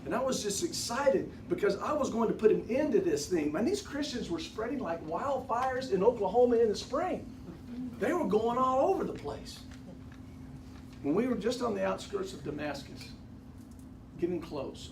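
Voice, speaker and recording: A candid, repentant former persecutor from ancient times, played by a man who tells his story straight to the listeners with folksy asides. His voice sits high for a man. It is recorded from a distance in a roomy hall, with clear background noise. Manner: conversational, addresses the audience directly, folksy asides. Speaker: actor portraying a biblical figure for a church class. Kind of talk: first-person dramatic monologue. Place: church classroom.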